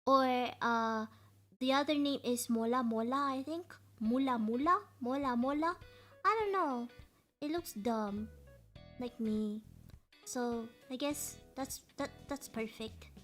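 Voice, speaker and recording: A woman's voice: a little high, takes it slowly, fairly bright tone, faint music behind. A Malaysian woman livestreaming, chatting playfully and laughing often, mixing in English. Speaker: streamer. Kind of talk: casual livestream chat.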